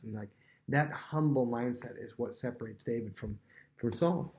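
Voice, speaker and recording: A man teaching a casual Bible lesson, retelling the story in an animated, informal way with plenty of fillers. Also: mid-range voice, normal speed, highs cut off.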